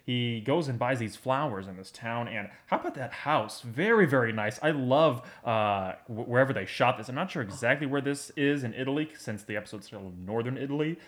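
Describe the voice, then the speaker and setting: An enthusiastic man co-hosts a podcast in loose, casual chat. His voice sits at a middling pitch, and he rambles, packing his talk with fillers. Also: expressive, brisk, few pauses, fairly bright tone. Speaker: podcast co-host.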